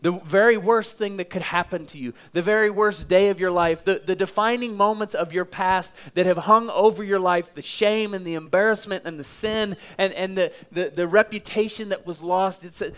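Middle-aged pastor from Oklahoma, slightly high voice, dramatic emphatic sermon delivery. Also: male voice, moderate pace, few pauses, a bit bright, clear, resonant tone. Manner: emphatic, dramatic, builds with repetition.

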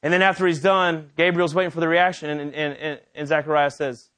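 High-voiced, animated male preacher. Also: fairly quick. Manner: animated, conversational storytelling. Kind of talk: sermon.

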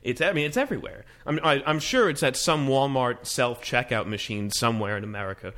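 A man co-hosting a casual tech podcast, talking fast and rambling with lots of restarts. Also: medium pitch, fairly bright tone. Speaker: podcast co-host. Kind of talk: casual tech news chat.

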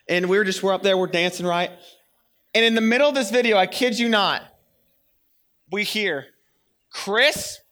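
A young man giving a sermon in an animated, playful storytelling manner. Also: high-pitched. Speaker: preacher.

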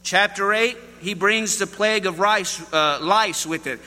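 A man's voice: high-pitched, measured pace, pushed and bright, long reverb tail. A man preaching a sermon, telling folksy stories and addressing the congregation directly. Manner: folksy storytelling with Southern address.

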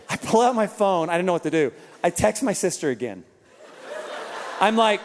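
A man pastor telling a lively story in an Easter sermon, acting out voices and laughing along with the crowd. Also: very high voice, a little fast, slight background noise. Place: large church auditorium. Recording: long reverb of a large hall.

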